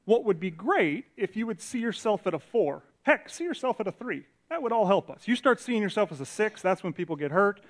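Man preaching a lively sermon. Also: high-pitched, fairly quick, hardly any pauses. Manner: conversational, animated preaching, acts out quotes. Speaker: pastor. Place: church sanctuary.

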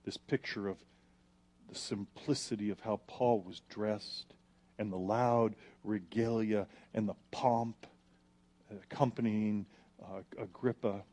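Impassioned male preacher, hushed to emphatic. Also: fairly low pitch, fairly even intonation, takes it slowly. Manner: dramatic, swings from hushed to emphatic when quoting scripture. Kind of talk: sermon.

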